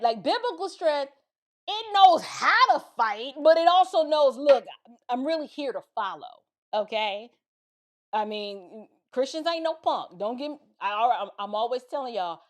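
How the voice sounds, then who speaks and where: A woman from the Bronx giving emphatic, preachy Christian commentary on a livestream, firing off rhetorical questions in folksy slang. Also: a little high. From the Bronx, New York.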